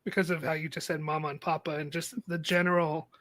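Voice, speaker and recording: A man with a notably high voice joins a casual film podcast as a guest. He delivers wry, deadpan jokes in a dry, close sound. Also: fast, no echo. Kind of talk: casual movie review chat.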